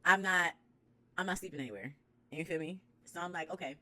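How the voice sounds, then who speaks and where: A young woman from New York with a New York accent, telling a faith story to her viewers in animated, slangy talk with loud bursts of praise. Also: low voice, normal speed. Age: young adult. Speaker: vlogger. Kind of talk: casual storytelling to camera.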